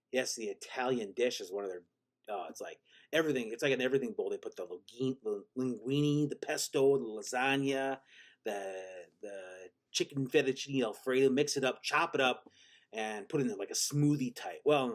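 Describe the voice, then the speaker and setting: Male vlog host, rambling deadpan storyteller, mid-pitched, lots of restarts. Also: moderate pace. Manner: rambling, deadpan self-mocking, many restarts. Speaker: channel host.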